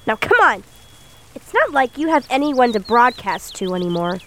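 A woman's voice: a little high, sing-song, moderate pace, a bit bright, slight background noise. A woman playing a brash, crude female pirate captain in a comedy audio sketch.

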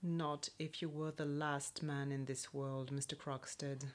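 A proud aristocratic lady in her late twenties, played by a woman speaks with cool, cutting scorn. Her voice sits low and measured, every word crisp and disdainful. It sounds like an old-fashioned radio play. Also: level tone. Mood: cold. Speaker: actor.

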